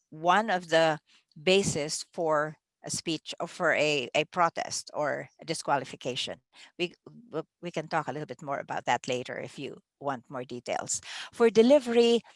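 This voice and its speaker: A woman's voice: medium pitch, no echo. A woman leading a training session for contest judges, talking through the ballot in a conversational way, with restarts and the odd small laugh. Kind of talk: training talk.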